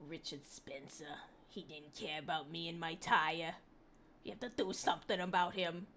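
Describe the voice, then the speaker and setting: A woman's voice: sits low, fairly even intonation, moderate pace, pushed and bright, a little hiss or hum. A woman giving casual commentary on posts she reads, sarcastic and mocking, with frequent laughter. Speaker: online commentator.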